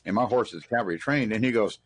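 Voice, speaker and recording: A man's voice: on the low side, quick pace, slightly rough. A middle-aged man from Texas, telling rambling, folksy stories as an interview guest. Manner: rambling, folksy anecdotes with restarts. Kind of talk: casual storytelling in an interview.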